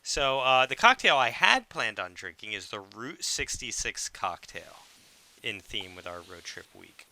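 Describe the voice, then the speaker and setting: A man's voice: fairly low pitch, very animated, unhurried, pushed and bright, dry recording. A man co-hosting a podcast in casual chat, chatty and self-deprecating. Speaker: podcast co-host.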